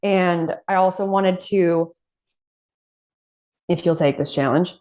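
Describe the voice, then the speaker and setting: A woman co-hosting a casual podcast, telling stories with lively quoted voices and frequent laughter. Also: on the low side, takes it slowly. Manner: animated storytelling, acting out quoted voices and laughing. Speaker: podcast co-host. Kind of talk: casual chat.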